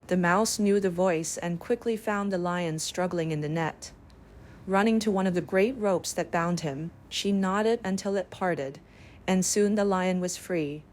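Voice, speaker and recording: A woman narrating bedtime fables in a calm, measured way. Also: fairly low pitch, a little hiss or hum. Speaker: storyteller.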